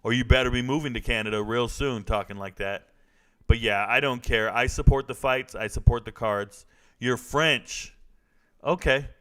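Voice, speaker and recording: A man's voice: medium pitch, moderate pace, a bit bright, clear, resonant tone. A young man hosting a casual live stream, joking and trash-talking as he reads viewer comments. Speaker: livestream host reacting to fights.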